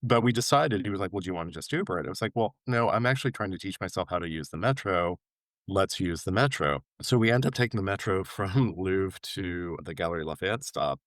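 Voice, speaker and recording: A man's voice: a little fast, dry recording. A man from New York, a podcast guest, telling a travel story with energy and acting out the people he quotes. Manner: animated anecdote-telling, acting out quoted voices with big pitch jumps. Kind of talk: casual storytelling interview.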